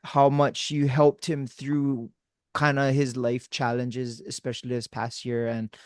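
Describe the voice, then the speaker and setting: Smooth-voiced laid-back male host. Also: mid-range voice, monotone, a little slow, darkish tone, no echo, clean studio sound. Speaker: podcast host. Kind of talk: casual podcast interview.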